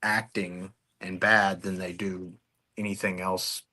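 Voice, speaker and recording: A man's voice: sits low, little pitch movement, slow pace, pushed and bright. A man speaking as a guest on a casual interview show, talking in a crude, conversational way and swearing freely. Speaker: guest investigator.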